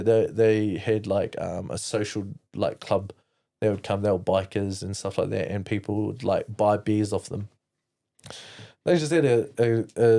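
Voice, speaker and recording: A New Zealand man speaks as a podcast guest, recounting his past in a loose, candid way. His voice sits fairly low and sounds warm and mellow. He rambles, restarts his sentences and swears freely. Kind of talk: candid personal storytelling.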